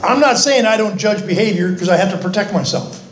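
Speaking from the front of an echoey meeting room, an older man addresses a recovery meeting in a high voice, a little fast, with folksy earnestness and self-deprecating humor.

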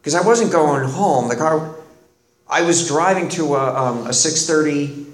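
A middle-aged man, a guest on the show, telling a personal story in a halting way, with many restarts and quiet pauses. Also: fairly high pitch. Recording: roomy echo.

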